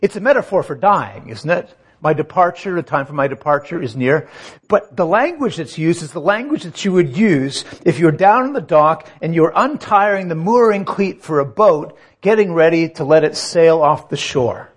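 A man's voice: fairly high pitch, lively intonation, moderate pace, breathy edge. A man preaching a sermon, earnest, asking rhetorical questions and building to emphatic points.

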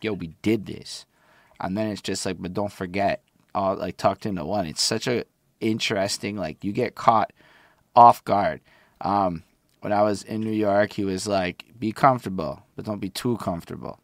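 A man co-hosting a casual album review, talking loosely and profanely and quoting lyrics in animated bursts. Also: sits low, gravelly, no room sound.

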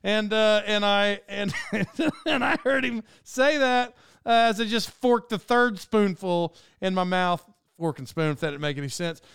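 A man's voice: sits high, a little slow, gravelly, fairly bright tone, clean tone, no room sound, studio quality. A man hosting his own podcast, telling a rambling, self-mocking story and laughing often. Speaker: podcast host. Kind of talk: casual storytelling monologue.

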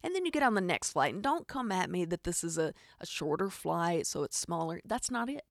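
A woman from Arkansas with a Southern Arkansas accent, telling a funny story as a podcast host, with animated, exasperated asides. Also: on the low side, a little fast, dry recording, clean studio sound. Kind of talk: comedic storytelling monologue.

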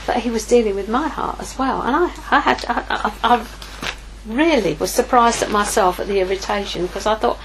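A woman's voice: medium pitch, a little fast, slight background noise, low-quality recording. A middle-aged woman giving an informal sermon, telling a personal story candidly and acting out her own inner dialogue. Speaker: ministry leader preaching.

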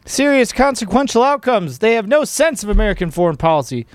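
A man's voice: high-pitched, very animated, brisk, clear, resonant tone, dry recording. A man hosting a political commentary show, talking casually in a mocking, exasperated, sarcastic way.

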